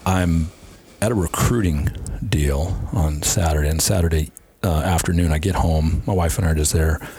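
Very deep-voiced middle-aged coach. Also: male voice, moderate pace, few pauses, darkish tone, husky. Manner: earnest, acts out past conversations in quotes. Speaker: strength and conditioning coach. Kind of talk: casual interview storytelling.

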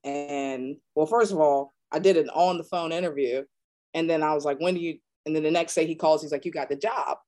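A woman in her thirties from North Carolina, a strength and conditioning coach, casually telling stories in an interview and acting out the people she quotes. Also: a little fast. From North Carolina, USA. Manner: animated, acts out quoted dialogue with big pitch jumps.

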